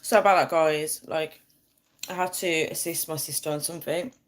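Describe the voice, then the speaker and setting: A woman's voice: low voice, moderate pace. A woman from the UK chatting casually on a livestream. She talks through her phone, answers viewer comments and laughs often. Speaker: livestream host. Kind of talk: casual live chat with viewers.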